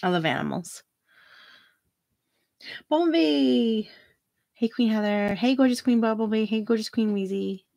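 A woman's voice: a little high, moderate pace, gravelly, dark tone, dry recording, dull audio. A middle-aged woman hosting a free tarot reading livestream, chatting casually, giggling often and reading viewer comments aloud.

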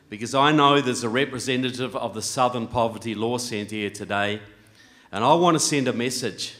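A man speaking at a conference, delivering a speech with sarcastic mock-indignation and deadpan complaint. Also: mid-range voice, moderate pace.

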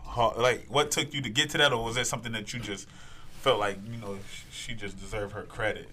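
A man co-hosting a radio show, asking questions in a relaxed, casual way. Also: on the low side, fairly quick, a little hiss or hum. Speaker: radio co-host. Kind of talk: casual radio interview chat.

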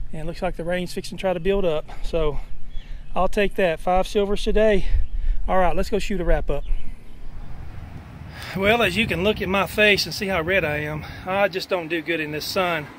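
Man, high-pitched, chatty and out of breath, outdoor vlog with light background noise. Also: steady tone, normal speed, a bit bright. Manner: folksy, chatty, many fillers. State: out of breath and overheated. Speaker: metal detecting vlogger and preacher. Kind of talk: casual outdoor vlog narration. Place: outdoors in a church back lot.

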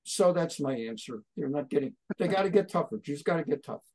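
A man, a rabbi speaking as a guest on an interview show, fiery and ranting, often rising to near shouts. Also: a little high, expressive, a little fast. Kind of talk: impassioned talk show interview.

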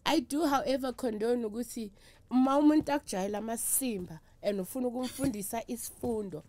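A woman's voice: a little high, quick pace, darkish tone, no echo. Emphatic South African woman guest. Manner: mixes English with Zulu and Sotho, emphatic and emotional. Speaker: traditional healer, interview guest. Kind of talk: candid interview talk.

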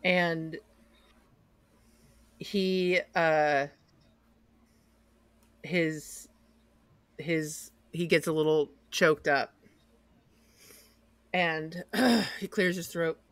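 Unhurried game master narrating. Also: mid-range voice, fairly even intonation, fairly bright tone, no room sound.

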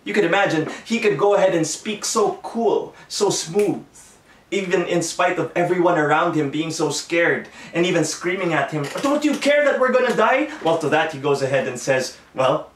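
A man's voice: fairly high pitch, distant mic. A man preaching a sermon in an earnest way, often restarting his phrases, recorded at home. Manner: earnest, self-correcting preaching with many restarts. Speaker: pastor. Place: home room. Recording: echoey room, voice a bit off-mic.

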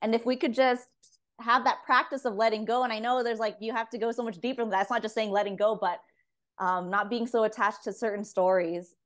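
A woman's voice: a little high, fairly even intonation, brisk. A woman hosting a podcast, responding in casual chat, reflective and thinking aloud. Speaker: podcast host.

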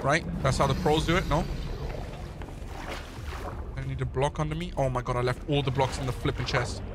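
A male streamer giving excitable gaming livestream commentary, talking to his chat and shouting when he panics. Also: mid-range voice, normal speed, background noise.

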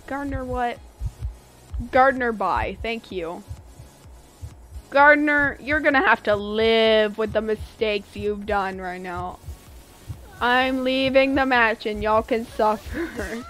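A young woman with a bright, high-ish voice talks through a live game stream in an unhurried, drawn-out way. She swings into exasperated outbursts between chats with viewers, with faint game music playing underneath. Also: rough recording. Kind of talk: casual live game commentary.

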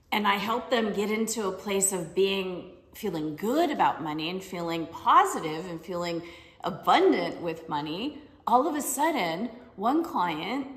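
A woman life coach giving a motivational talk, telling personal stories in a conversational way and often checking in with tag questions. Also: mid-range voice. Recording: roomy with long reverb.

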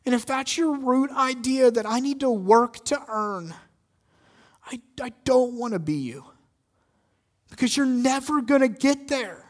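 A man preaching a sermon as pastor, emphatic, swinging between loud stress and quiet intensity. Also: very high-pitched.

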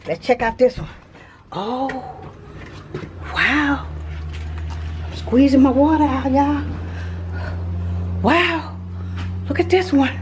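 A woman's voice: sits high, slow pace, long pauses, a little hiss or hum. A Southern American woman giving a chatty home-tour vlog, talking straight to her viewers with frequent laughs, filmed on a handheld camera inside a show home. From Mississippi, USA. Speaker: vlogger. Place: indoors in show manufactured homes. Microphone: handheld phone camera, later a small tripod.

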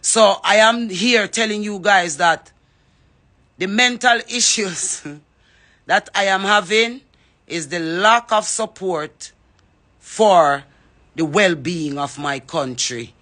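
A woman's voice: medium pitch, slow pace, fairly bright tone. A Jamaican woman giving an impassioned address, fervently calling on others by name to speak up. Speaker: reggae artist.

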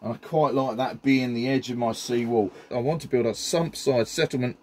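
A man's voice: medium pitch, fairly even intonation, moderate pace, darkish tone. Chatty middle-aged man. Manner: chatty, enthusiastic, colloquial, with frequent ums. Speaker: scenery builder. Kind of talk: casual hobby show-and-tell.

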